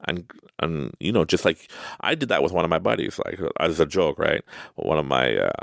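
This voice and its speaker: A man with a very low, gravelly voice talks through a casual motivational monologue, rambling and often laughing at himself. His pitch swings widely as he goes. The sound is close and dry, with no room around it. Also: sing-song, normal speed, dry recording. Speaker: podcast host.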